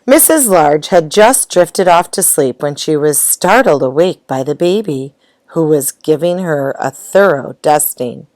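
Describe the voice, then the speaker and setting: Woman storyteller, picture-book read-aloud, unhurried and expressive, low pitch. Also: dry recording. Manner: slow, gentle, expressive. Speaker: storybook reader.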